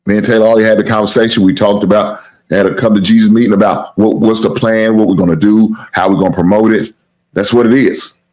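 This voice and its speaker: A man with a deep, low-set voice hosts a casual live sports stream. He rambles, circles back, swears casually and keeps plugging his channel in a loose, relaxed tone. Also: fast. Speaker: sports talk show host.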